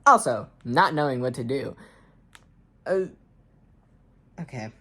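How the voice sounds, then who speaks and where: Brief: young woman, low and lively voice, mocks her own childhood story between lines. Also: slow pace. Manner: sarcastic asides, frequent ums and uncertain trailing off. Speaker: reader and commentator. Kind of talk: reading her own childhood story aloud with mocking commentary.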